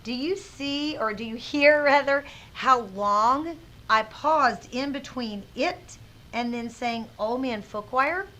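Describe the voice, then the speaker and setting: A woman teacher leads a reading lesson for young children, reading a storybook aloud with expressive, dramatic pauses. Her voice is bright and somewhat high. She speaks slowly and deliberately.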